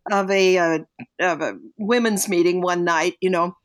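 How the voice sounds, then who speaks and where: A woman's voice: on the low side, steady tone, moderate pace. Older lady on a podcast telling parenting stories, thoughtful, does little voices for quotes. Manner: reflective storyteller, acts out quoted voices. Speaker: parenting guest. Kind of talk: podcast conversation.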